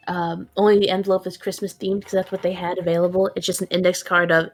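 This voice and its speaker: A woman's voice: on the low side, little pitch movement, fast, few pauses. Easygoing woman player chatting. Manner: easygoing, frequent laughter. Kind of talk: casual chat between tabletop sessions.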